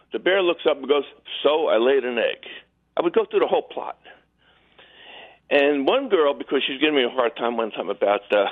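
Male caller, high-ish and very lively pitch, jokey storyteller, heard over a thin phone line. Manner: animated joke-telling, acts out quotes in voices. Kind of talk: storytelling on a call-in show. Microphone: telephone.

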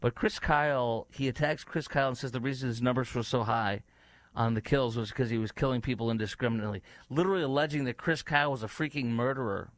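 An indignant male host rants through political commentary, trailing off into fillers and restarts. The voice sits in an ordinary middle pitch, recorded close and dry with no room sound. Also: quick pace, no room sound. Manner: heated, indignant, rambling with fillers. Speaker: talk show host. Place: studio in Dallas.

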